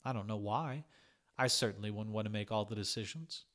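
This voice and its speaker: A man's voice: fairly low pitch, fairly quick, a bit bright, natural voice. A man voicing a shy, earnest young woman.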